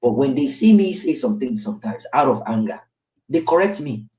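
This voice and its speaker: Caught on a distant mic in a roomy space, a Nigerian man in his thirties, a father, recounts his own story in casual, reflective podcast conversation. His mid-range voice is dark-toned, animated and fairly quick, and his candid storytelling keeps checking in with "right?".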